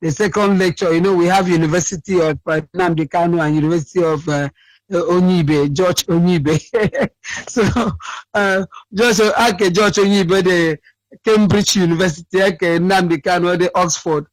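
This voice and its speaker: Sleepy high-voiced caller. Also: male voice, steady tone, moderate pace, dry recording, low-quality recording. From Akwa Ibom State, Nigeria. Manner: rambling, repeats himself, switches to his dialect. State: sleepy, cracking voice. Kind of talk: phone-in call to a radio show.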